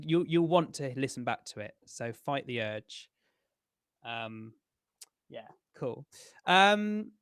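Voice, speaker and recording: A man's voice: on the high side, fairly bright tone, clean tone, no echo, clean studio sound. A man with an English accent leading a choir rehearsal over a video call, giving chatty, instructive tips with plenty of fillers. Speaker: choir music director.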